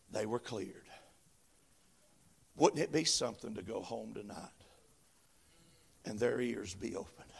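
A man preaching a sermon, chanting phrases that start with a gasped "uh" and swell into shouts. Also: medium pitch, creaky, breathy edge. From western North Carolina, USA. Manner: rhythmic preaching, each phrase opened with a gasped "uh", building to shouts. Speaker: visiting preacher. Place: church building.

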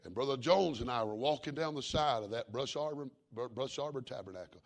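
A middle-aged man preaching a sermon in a folksy, repetitive cadence, moving from quiet storytelling to fervent preaching. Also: medium pitch, brisk, vocal fry.

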